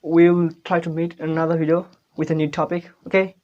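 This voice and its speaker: A man's voice: on the high side, little pitch movement, fairly quick, highs cut off, background noise. A man giving a casual spoken-English lesson in an informal, hesitant way, spelling out words letter by letter. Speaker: English tutor.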